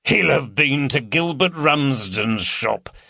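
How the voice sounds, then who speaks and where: A man voicing a brisk, matter-of-fact male police detective in a crime story. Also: medium pitch, lively intonation, vocal fry, bright, forceful tone, dry recording, clean studio sound, voice pushed up, heavily acted.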